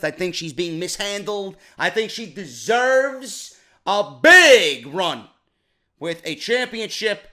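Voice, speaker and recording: A man tears into a wrestling broadcast in a blunt, profane solo review, exasperated and stumbling over repeated words as he goes. His voice sits high for a man and has a bright, sharp edge. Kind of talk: ranting solo show review.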